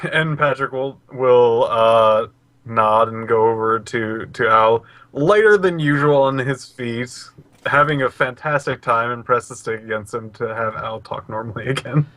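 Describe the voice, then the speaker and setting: A man's voice: medium pitch, a little slow, a bit bright. A man describing his character's actions in a tabletop game, hesitant and chuckling. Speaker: player. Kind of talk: casual tabletop play.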